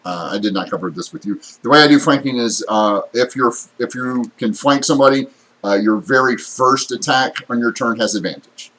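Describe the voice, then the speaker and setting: A man's voice: mid-range voice, a little fast, bright, forceful tone, rough recording. A man running a tabletop game as game master, narrating the action and explaining rules with plenty of fillers.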